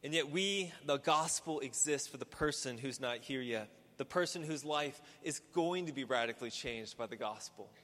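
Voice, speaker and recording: A male pastor delivering a sermon, building from quiet reflection to emphatic, repeated preaching. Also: mid-range voice, normal speed, hardly any pauses. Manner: rising to emphatic, repetitive preaching. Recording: long hall reverb.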